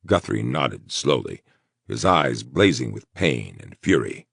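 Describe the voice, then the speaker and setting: A man reads a horror novel in a measured, gravelly voice. His pitch sits very low yet moves with lively range, the pace unhurried. The recording is dry and close. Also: dry recording. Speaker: audiobook narrator. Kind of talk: scripted narration.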